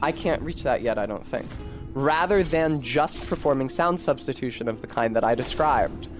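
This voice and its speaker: A man's voice: mid-range voice, expressive, moderate pace, over music. A talkative man with a Philadelphia-tinged accent, chatting casually and info-dumping while streaming a game, swearing now and then.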